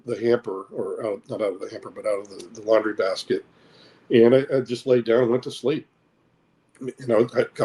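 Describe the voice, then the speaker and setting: A man's voice: mid-range voice, mellow. A middle-aged American man, an interview guest, recounting personal experiences in a hesitant way, with repeated words and many fillers. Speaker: interview guest, military veteran.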